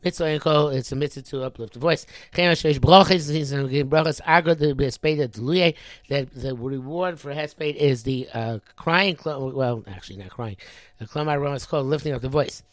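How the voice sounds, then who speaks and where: A middle-aged man works through a religious text, reading each phrase and then translating it. He talks in a halting way, full of ums and restarts, at an ordinary pitch. The sound is dry and close, no room behind it. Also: no room sound. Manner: reads Hebrew phrases then translates them, halting with many fillers. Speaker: Torah teacher.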